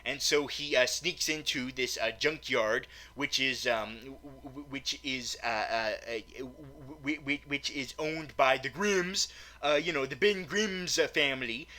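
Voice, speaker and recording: A man's voice: mid-range voice, a little slow, bright, forceful tone. A man giving a rambling, profane comedic movie rant, stammering and repeating words. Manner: profane and exasperated. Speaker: movie reviewer.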